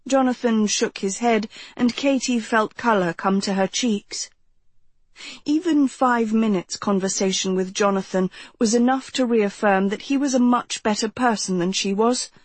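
A woman reading a novel aloud as audiobook narrator, steady and unhurried. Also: a little high, slightly rough, no echo. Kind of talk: scripted narration.

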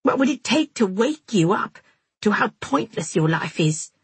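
A woman's voice: mid-range voice, big pitch swings, normal speed, slightly rough, no echo. A woman voicing a hostile young woman, the narrator's sister, who speaks coldly and with biting contempt. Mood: contemptuous.

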